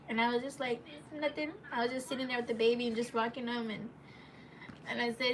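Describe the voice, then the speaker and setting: A woman's voice: on the high side, steady tone, fast. Rambling woman vlogger, noisy home recording. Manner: rambling, many fillers and restarts. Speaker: live-stream vlogger. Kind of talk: casual personal storytelling to viewers. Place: at home with her children.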